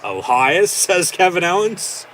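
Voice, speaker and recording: A man's voice: sits high, sing-song, slow pace, fairly bright tone, a little hiss or hum. A man hosting a live watch-along, giving profane, sarcastic, exasperated reaction commentary.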